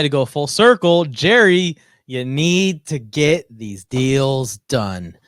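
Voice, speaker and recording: Male podcast co-host, slightly high voice, easygoing sports analysis. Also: clean tone, no echo, clean studio sound. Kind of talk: casual sports chat.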